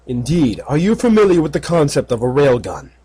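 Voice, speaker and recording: A man's voice: a little high, very animated, brisk, warm tone, husky. A man voicing an arrogant male corporate villain in a fan audiobook, condescending and cold. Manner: haughty, condescending.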